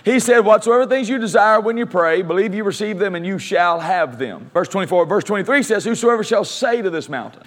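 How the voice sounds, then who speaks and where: A man preaching a sermon as pastor, reading scripture aloud and slowing down to stress key phrases, leading his congregation in call-and-response. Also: sits high, animated, a bit bright.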